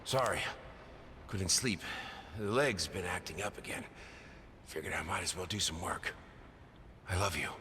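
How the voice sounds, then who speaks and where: A very deep, drowsy husband. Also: male voice, unhurried, long pauses, pushed and bright, long reverb tail, a little hiss or hum. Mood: tired. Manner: low, drowsy, apologetic. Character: tired, limping painter husband.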